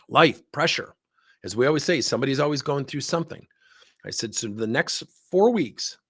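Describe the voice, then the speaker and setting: Delivering a leadership talk, this man recounts a story and plays both parties in the dialogue with animated energy. His voice is mid-range and creaky.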